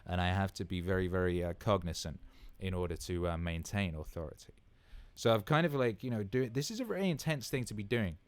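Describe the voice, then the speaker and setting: A man in his thirties hosts a casual livestream Q&A, rambling with enthusiasm, swearing freely, and repeating words for emphasis. His voice is deep, animated, clear, and resonant, and he talks fairly quickly on a dry recording.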